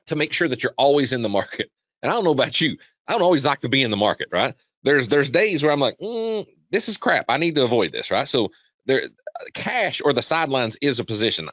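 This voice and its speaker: A man's voice: mid-range voice, fairly bright tone, dry recording. A man presenting a trading webinar in a casual, repetitive way, often quizzing his listeners, on dull lo-fi webinar audio. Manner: chatty, repetitive, asks the audience questions. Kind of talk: casual live chart walkthrough.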